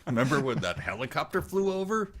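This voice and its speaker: A man co-hosting a comedy podcast, goofy and quick to jump into silly bits. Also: fairly high pitch, sing-song, fairly bright tone, husky. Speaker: podcast co-host. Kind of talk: casual comedic banter.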